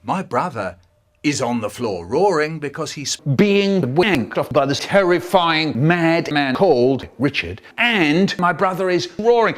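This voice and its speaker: A man's voice: on the high side, expressive. A man telling a story in a theatrical, exaggerated way, stretching out words, in a spliced comedy edit. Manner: theatrical, drawn-out, exaggerated delivery.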